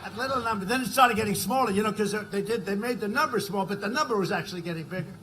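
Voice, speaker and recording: A man in his seventies giving a rambling campaign rally speech from a podium mic, full of conversational asides and sudden shouted lines. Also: sits high, racing, a little hiss or hum, rough recording. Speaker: political rally speaker. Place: political rally.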